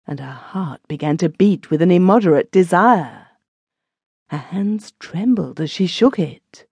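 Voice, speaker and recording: A woman narrating a classic short story as an audiobook, in an expressive storytelling manner. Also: on the low side, slightly rough, no room sound, clean studio sound. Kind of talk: scripted narration.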